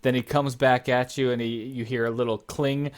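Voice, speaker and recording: A man's voice: mid-range voice, flat delivery, normal speed. Man, game master, casual narration, tabletop game, frequent fillers.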